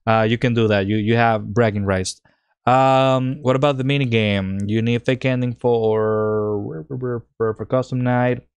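A man streaming a game live, rambling excitedly through story theories with frequent fillers. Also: mid-range voice, measured pace, smooth, no echo.

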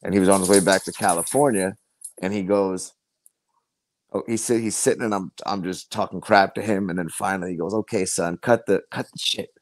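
Low-voiced man telling his story earnestly. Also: steady tone, no room sound. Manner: earnest, halting, many restarts. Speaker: podcast guest. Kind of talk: personal storytelling in conversation.

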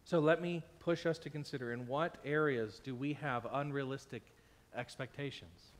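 A man's voice: medium pitch, normal speed. A man preaching a sermon as pastor, emphatic, acting out imagined complaints in quoted voices, sounding a little unwell and tired. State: unwell, tired with stomach ache.

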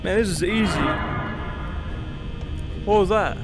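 Fields: Sex: man. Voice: high, slightly cracky. Style: excitable gameplay commentary. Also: slow pace, over loud music. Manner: jokey, swears and yelps when startled. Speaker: streamer.

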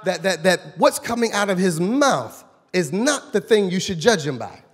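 A man pastor preaching a sermon, swinging between loud shouted lines and low quiet asides. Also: very animated, moderate pace, breathy edge. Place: church sanctuary. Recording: long reverb in a large church hall.

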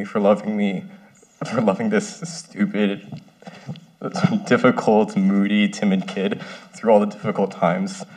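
Earnest young man with a low voice. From San Francisco Bay Area. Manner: earnest, emotional, halting. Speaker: first-year medical student. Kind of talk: heartfelt ceremony speech. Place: ceremony stage.

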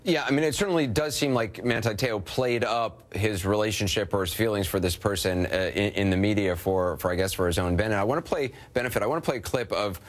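A man's voice: on the low side, fairly quick, few pauses. Man anchoring a TV news interview. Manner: direct, probing questions.

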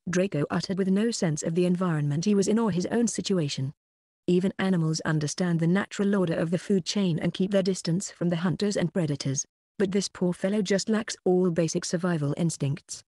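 Dry, steady synthetic audiobook narrator. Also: mid-range voice, dry recording. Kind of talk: scripted narration.

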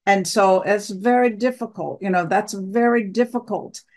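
Animated woman telling a story. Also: mid-range voice, normal speed. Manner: animated storyteller acting out quoted dialogue. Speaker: guest, wife of the other guest. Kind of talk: storytelling interview.

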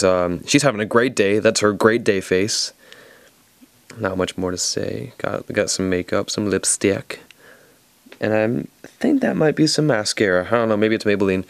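A man from the American South talks through a toy review with a Southern accent, wandering off into playful jokes. His voice sits a little low and comes across smooth and clear. The sound is dry and close. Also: no echo. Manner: rambling, jokey, playful asides. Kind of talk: casual video review.

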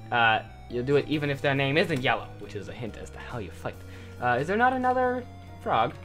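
Man, gameplay commentator, middle pitch, rambling self-deprecating chatter, faint game music behind. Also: sing-song, brisk, fairly bright tone. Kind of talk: casual let's-play commentary.

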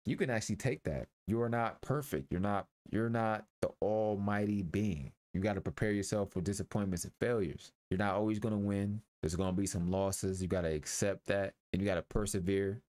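A man's voice: lowish voice, brisk, hardly any pauses, darkish tone, dry recording. A young man casually commentating a game, reading its text aloud and adding loose, slangy jokes with some swearing. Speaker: gaming YouTuber.

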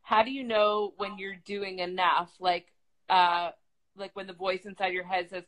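A woman's voice: medium pitch, little pitch movement, a bit bright, low-quality recording. A woman hosting a casual live video chat, asking questions in a hesitant way with lots of restarts. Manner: hesitant, halting, many restarts. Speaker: host. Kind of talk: casual live-stream conversation.

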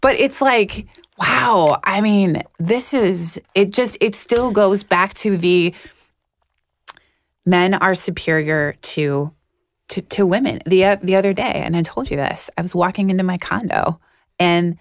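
A woman in her forties co-hosting a podcast, telling stories in a heated, frank, animated way. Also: mid-range voice, a little slow, no echo. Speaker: podcast co-host. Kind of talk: casual chat.

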